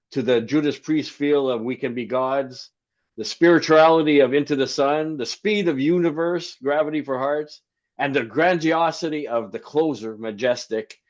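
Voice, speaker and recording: A man's voice: medium pitch, a little mellow, highs cut off. A man hosting a casual panel chat, talking enthusiastically about an album. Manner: enthusiastic, lists songs. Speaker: host.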